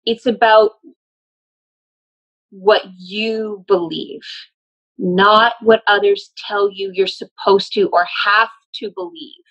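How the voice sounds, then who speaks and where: A woman's voice: mid-range voice, steady tone, slow, fairly bright tone. Woman medium relaying messages, earnest and explanatory, muffled recording. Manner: earnest, explanatory, often laughing. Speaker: medium channeling a spirit. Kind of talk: relaying messages in casual conversation.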